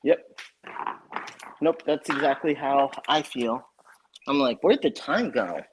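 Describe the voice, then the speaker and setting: A man's voice: medium pitch, animated, slow pace, slight background noise. A man hosting a casual livestream chat, telling a story in a rambling way with many restarts. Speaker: stream host.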